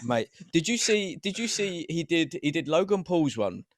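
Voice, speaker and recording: A man's voice: a little high, sing-song, moderate pace, crowd noise. A man hosting a boxing podcast in casual chat, joking and often restarting his sentences. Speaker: podcast host.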